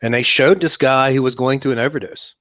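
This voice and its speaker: Wry, sarcastic podcast host. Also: male voice, mid-range voice, fairly quick, fairly bright tone, no echo, highs cut off. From West Virginia. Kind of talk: casual podcast banter.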